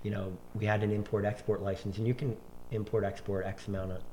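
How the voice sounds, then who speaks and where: A man's voice: fairly low pitch, little pitch movement, quick pace, dark tone, slight background noise. A man in his forties, a chef, telling long rambling stories in casual conversation, full of restarts and quoted dialogue.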